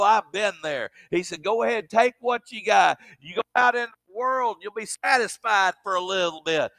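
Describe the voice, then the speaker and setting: A middle-aged male preacher with a high, bright voice, delivering a sermon that leans on repeated words and calls of amen. The sound is dry and close, with no room echo. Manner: repeats words in bursts, rising to loud exclamations.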